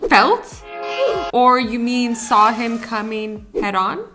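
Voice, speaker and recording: A woman's voice: a little high, takes it slowly. A woman host giving casual reaction commentary, sarcastic and joking. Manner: sarcastic, joking, laughing often. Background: faint music.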